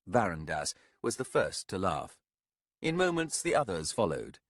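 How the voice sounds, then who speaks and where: Man, audiobook narrator, low, husky, lively intonation, dry close studio sound. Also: no echo. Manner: measured, expressive. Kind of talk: scripted narration. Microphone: close studio mic.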